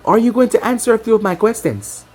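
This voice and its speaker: A woman voicing a calm, cocky young male ninja in a fan fiction reading, her voice pitched a little lower. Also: fast talker, slightly rough.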